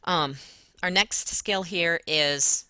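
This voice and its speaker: Woman, teacher, recorded lesson, patient step-by-step explaining, low pitch, dry close sound. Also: takes it slowly, sharp tone, smooth, no room sound. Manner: patient, talks students through each step.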